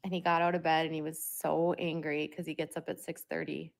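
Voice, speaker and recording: A young adult woman with a low, gravelly voice talks to her viewers in a loose, rambling monologue. She fills her speech with small filler words and lets her thoughts wander. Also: flat delivery, a little fast. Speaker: parent vlogger.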